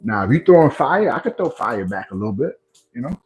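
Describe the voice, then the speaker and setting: Lively, animated man hosting a livestream. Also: medium pitch, brisk, low-quality recording. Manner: playful trash talk, animated. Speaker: livestream host. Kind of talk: casual live chat with viewers.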